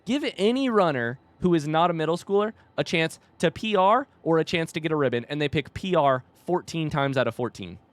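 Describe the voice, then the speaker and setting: A young man who streams games and coaches youth cross country tells a long coaching story while playing. His fairly high, expressive voice runs quickly with hardly any pauses and no echo, rambling through fillers, restarts, and the odd swear word.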